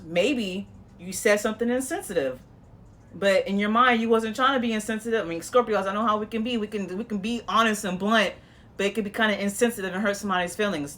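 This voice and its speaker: A woman's voice: medium pitch, fairly bright tone. A woman giving a casual tarot reading, blunt and emphatic, swearing freely and repeating herself as she talks. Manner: swears freely, uses slang. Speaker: tarot reader.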